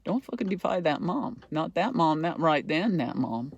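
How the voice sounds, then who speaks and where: Man, middle-aged, podcast host, casual rambling monologue, swears a lot, slightly high voice, gravelly. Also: big pitch swings, moderate pace, dull audio, a little hiss or hum. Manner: profane, rambling, repetitive.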